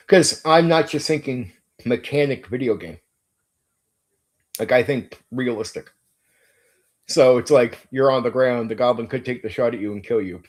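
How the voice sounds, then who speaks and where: A mid-range, expressive, brisk voice, a little mellow and slightly rough, belongs to a game master hosting a casual stream about running tabletop games. He's keen and emphatic, swears freely, and repeats words while thinking out loud.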